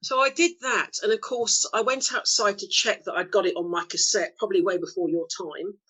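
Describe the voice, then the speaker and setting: A middle-aged woman telling stories as an interview guest, acting out the quotes with lively shifts of voice and frequent laughs. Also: mid-range voice, brisk, breathy edge, low-quality recording. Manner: lively storyteller, acts out quotes, laughs often. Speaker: actor being interviewed. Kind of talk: anecdotal interview chat.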